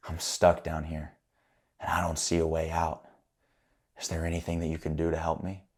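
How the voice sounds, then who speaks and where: Desperate man shouting up from a hole, as a speaker acts him out. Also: extremely low pitch, monotone, normal speed, husky, pitched below the performer's own voice. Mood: desperate pleading. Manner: pleading, raising his voice to call upward.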